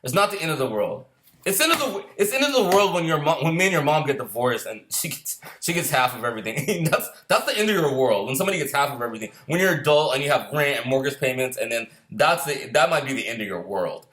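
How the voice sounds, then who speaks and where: Middle-aged man with a lively, swooping pitch. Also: fast talker. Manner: rambling, profane, restarts often. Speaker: screenwriter and former Marine. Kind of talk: casual storytelling chat.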